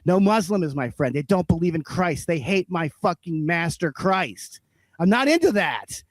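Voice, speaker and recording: A man's voice: sits high, lively intonation, normal speed, no room sound. A man co-hosting a podcast, ranting in a heated, profane, casual chat. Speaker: podcast co-host.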